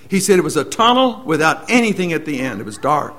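A man preaching a sermon as an earnest storyteller, moving between loud emphasis and hushed, slowed lines. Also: fairly high pitch, lively intonation, a little hiss or hum.

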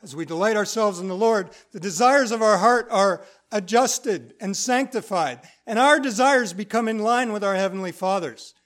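A man with a notably high voice delivers a sermon to a congregation. He reads scripture passages in a measured way, then breaks them down in a relaxed, conversational teaching tone. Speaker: preacher. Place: church.

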